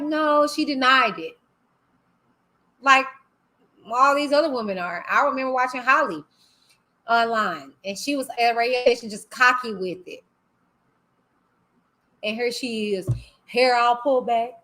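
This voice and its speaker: Woman, livestream host, high voice, bright tone, blunt casual commentary. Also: a little slow, pauses often. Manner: blunt, animated, outspoken.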